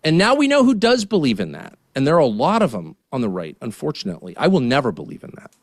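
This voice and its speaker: A man in his fifties giving a heated, indignant political rant as a studio guest, swinging between muttered asides and near-shouts. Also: mid-range voice, huge pitch swings, fast, no room sound. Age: 50s. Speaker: guest commentator.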